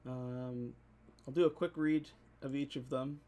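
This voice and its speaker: A man's voice: mid-range voice, steady tone, measured pace, dark tone. A man narrating as game master, laid-back and laughing easily, reading out game text. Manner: easygoing, laughs often, reads text aloud.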